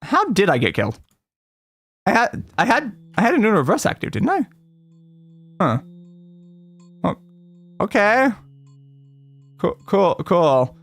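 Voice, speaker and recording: A man's voice: high voice, huge pitch swings, unhurried, long pauses, faint music behind. A man streaming a retro role-playing game, chatting casually and rambling with lots of fillers and restarts. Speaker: gaming streamer. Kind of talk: casual let's-play chat.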